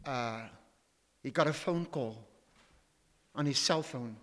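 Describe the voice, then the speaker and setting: A man's voice: medium pitch, takes it slowly, fairly bright tone, in a large hall. An older man preaching a sermon in a church, emphatic and full of rhetorical questions as he quotes scripture. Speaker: pastor.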